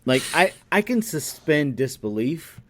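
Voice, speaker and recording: A man co-hosting a podcast, recapping a movie in a profane, rambling chat that swings from animated to muttering. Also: a little high, a little slow. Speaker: podcast co-host.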